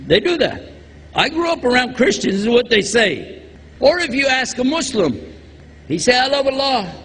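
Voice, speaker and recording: A high, lively voice rolls out slowly as a man preaches to a crowd. He cracks jokes and fires questions at his listeners. The sound carries a long hall reverb with faint background noise. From Texas. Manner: jokey, quizzes the audience. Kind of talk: religious lecture to a live audience.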